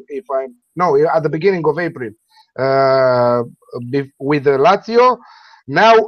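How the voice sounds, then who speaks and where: A man's voice: fairly high pitch, dry recording. Man with a heavy accent, dull dry call audio. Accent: non-native English. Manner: halting, many fillers and restarts. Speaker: tipster. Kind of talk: casual betting panel chat.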